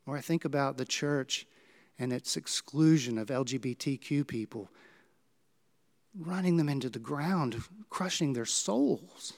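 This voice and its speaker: A male pastor, preaching a sermon and telling stories with dramatic swings in pitch and volume. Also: measured pace, creaky, a little mellow.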